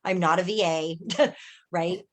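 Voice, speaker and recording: A woman coach and healer in an animated, casual group chat on a video call, often checking in with her listeners as she tells stories. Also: on the low side, slow. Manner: animated storyteller, often asks "right?" and acts out quoted voices.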